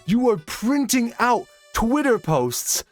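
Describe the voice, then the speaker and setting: A man's voice: very high-pitched, big pitch swings, takes it slowly, soft background music. A young man doing comedic reaction commentary, exasperated and sarcastic, swearing through his rants. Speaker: commentary YouTuber.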